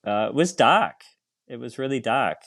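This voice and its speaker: Male priest, interview guest; candid, faltering storyteller with wry humor; mid-pitched, smooth, dry close-mic sound. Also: expressive, a bit bright, no room sound. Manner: reflective, halting, with frequent fillers and light self-mocking laughs.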